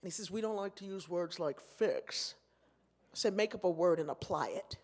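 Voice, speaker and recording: A woman's voice: fairly low pitch, normal speed. A woman giving a keynote address, telling stories and acting out the voices of the people in them. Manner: animated, acts out voices in her stories. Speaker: keynote speaker. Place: large convention hall. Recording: echoey hall.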